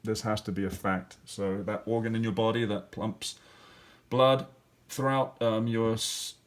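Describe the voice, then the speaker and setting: A man's voice: fairly low pitch, fairly even intonation, measured pace. A male teacher walking through grammar and spelling exercises step by step, thinking aloud with fillers. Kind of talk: classroom lesson walkthrough.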